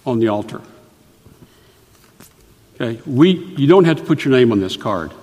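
A man's voice: medium pitch, very animated, darkish tone, slightly rough. Man preaching in a reverberant hall. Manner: earnest, deliberate, stops to explain points. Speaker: pastor. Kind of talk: sermon. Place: church sanctuary.

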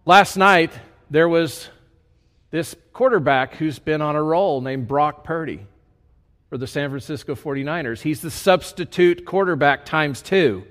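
A pastor preaches with energy, mixing scripture reading with casual, joking asides. His man's voice sits fairly high. The sound carries the long reverb of a large church hall. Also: unhurried. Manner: animated, conversational preaching with folksy asides. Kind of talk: sermon.

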